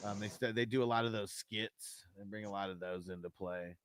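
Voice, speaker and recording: A man's voice: lowish voice, steady tone, a little fast, smooth. A man hosting a livestream in casual chat, laid-back, swearing freely and saying "man" and "dude" a lot. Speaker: livestream host.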